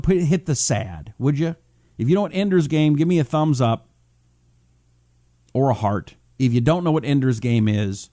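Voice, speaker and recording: A man's voice: medium pitch, a little mellow, no room sound, clean studio sound. A man hosting a livestream talk show, reading viewer comments aloud with joking, mock-apologetic asides.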